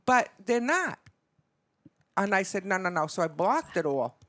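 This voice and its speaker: An older woman, a grandmother, chatting as a podcast guest and telling stories with lively acted-out dialogue. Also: mid-range voice, a little slow. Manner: animated storyteller acting out both sides of conversations. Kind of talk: casual chat and storytelling.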